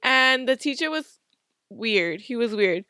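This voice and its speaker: A woman's voice: a little high, animated, a little slow, pushed and bright, clear, resonant tone, no echo, clean studio sound. A young woman co-hosting a casual podcast, telling stories with laughs and swearing. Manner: laughing, swearing, acts out her own quotes. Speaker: podcast co-host. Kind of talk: casual storytelling chat.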